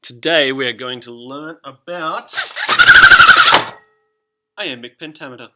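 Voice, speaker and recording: A man's voice: medium pitch, slow, heavy background noise. A young man teaching a class in a chatty, teasing way, tapping out rhythms as he explains. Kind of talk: classroom lesson video.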